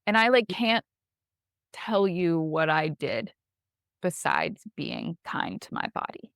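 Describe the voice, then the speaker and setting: Animated woman podcast co-host, dry close mic. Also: fairly low pitch, slow, clean tone, no room sound. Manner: animated storyteller, frequent "like". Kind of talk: casual conversational podcast.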